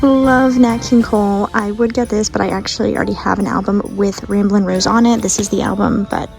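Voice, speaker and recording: A woman's voice: mid-range voice, fairly even intonation, brisk, vocal fry, a little mellow, soft background music. A young woman, chatting enthusiastically to camera as a vlogger. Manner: chatty and enthusiastic, gushing over finds. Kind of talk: casual vlog chat.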